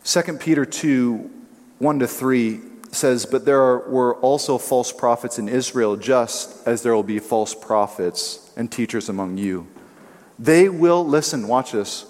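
A man preaching a sermon in an emphatic way, now and then acting out what others say in changing voices. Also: medium pitch. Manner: emphatic, acts out quotes in shifting voices. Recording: long hall reverb.

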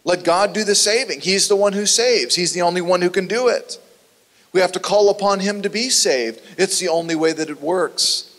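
A man preaching a sermon in an earnest, conversational way that sometimes turns animated. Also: high voice, normal speed. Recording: long hall reverb.

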